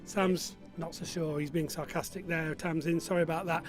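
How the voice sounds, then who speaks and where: A man's voice: fairly high pitch, fairly even intonation, moderate pace, faint music behind. A man from Burnley, hosting an online pub quiz in a chatty, joking way and reading out viewer messages. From Burnley, Lancashire, England. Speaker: quiz host. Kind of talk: live-streamed pub quiz chat.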